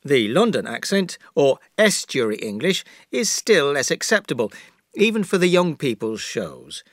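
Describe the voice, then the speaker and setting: Man, Yorkshire accent, interview guest, lively pitch, slightly raised voice, dry studio. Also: normal speed, no echo. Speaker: guest professor. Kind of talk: scripted listening-exercise interview.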